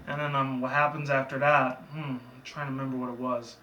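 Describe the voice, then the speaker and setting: A man's voice: mid-range voice, little pitch movement, a little fast, bright, forceful tone, distant mic, slight background noise. A man casually recapping a cartoon episode in a rambling, loose way, with profane asides. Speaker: reviewer. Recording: echoey room, away from the mic.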